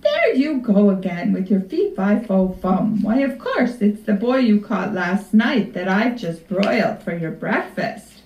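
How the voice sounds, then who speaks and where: A woman's voice: medium pitch, sing-song, unhurried, hardly any pauses. A woman voicing the giant's wife, a sly older woman who coaxes and chides her husband. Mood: coaxing. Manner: coaxing, chiding. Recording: echoey room, far from mic, dull.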